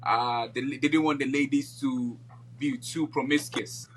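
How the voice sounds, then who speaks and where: A man's voice: medium pitch, fairly even intonation, a little slow, fairly bright tone, a little hiss or hum. A man from Ghana co-hosting a podcast in casual chat, laying out his views at length and often checking in with "you know". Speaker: podcast co-host.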